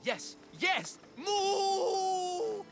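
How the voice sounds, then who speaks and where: A man's voice: very high voice, big pitch swings, moderate pace. An actor playing a bumbling, boastful father in a bull costume, theatrical and comic. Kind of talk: game cutscene acting. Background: game score music.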